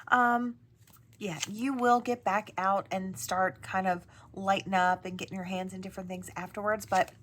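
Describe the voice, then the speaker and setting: A woman giving a channeled tarot reading to her viewers, talking gently and rambling, with frequent fillers and tag questions. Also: mid-range voice. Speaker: tarot reader.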